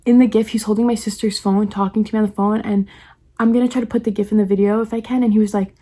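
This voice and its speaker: A young woman from the New York area, chatty and excited, telling a personal story on her vlog and acting out the quoted lines. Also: mid-range voice. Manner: rapid, chatty, heavy use of "like", acts out quoted lines. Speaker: vlogger.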